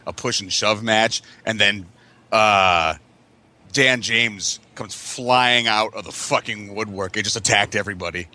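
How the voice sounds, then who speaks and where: A man with a bright, forceful voice tells rowdy party stories to his friends. He swears constantly and laughs through his own tales. His energy keeps climbing as each story gets wilder. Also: fairly low pitch, unhurried. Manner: profane, laughing, excitable storytelling. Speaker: podcast regular. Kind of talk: casual storytelling among friends.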